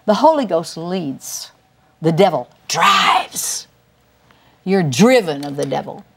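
A woman's voice: big pitch swings, takes it slowly, creaky, slight background noise. Emphatic older woman teaching scripture. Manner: emphatic storyteller, swings pitch up for emphasis. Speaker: Christian teacher. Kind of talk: testimony-style Bible teaching.

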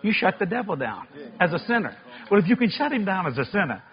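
A man preaching a sermon, telling funny stories with loud, animated bursts of shouting. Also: sits high, fast, muffled recording. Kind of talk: sermon with comic storytelling.

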